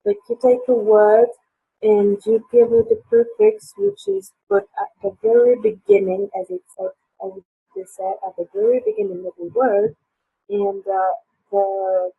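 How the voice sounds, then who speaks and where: A woman's voice: fairly high pitch, very animated, measured pace, gravelly, husky, no room sound. A woman teaching an online English lesson, hesitant with many fillers, her voice sore. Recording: tinny phone-like line.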